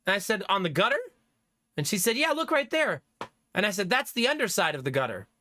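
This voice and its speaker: A man streaming live, chatting casually with his viewers, animated and laughing often, with some swearing. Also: high voice, a little fast, a little hiss or hum.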